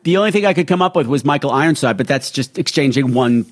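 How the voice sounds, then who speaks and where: A man's voice: medium pitch, animated, quick pace, dry recording. A man co-hosting a podcast in casual chat, joking and laughing often. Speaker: podcast co-host.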